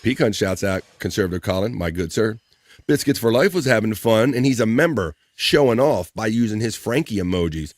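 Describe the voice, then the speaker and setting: A man hosts a live stream and reads viewer comments aloud, joking and calling out names. His voice sits fairly low. The sound is dry and close, with no room echo. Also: expressive, a little fast. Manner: playful, jokey, shouting out viewers by name. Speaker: live-stream show host.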